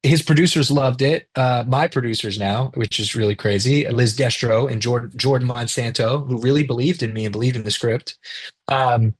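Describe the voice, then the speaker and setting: Husky guy in his 30s on an interview, chatty, acts out what people said. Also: medium pitch, normal speed. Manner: animated storyteller acting out quoted dialogue, swears freely. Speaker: interview guest, rapper and director. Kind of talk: casual storytelling interview.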